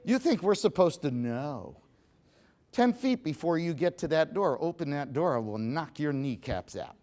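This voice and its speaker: A middle-aged man giving a humorous seminar talk to a live audience, animated and joking, speaking straight to the crowd. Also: on the high side, normal speed. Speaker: motivational speaker.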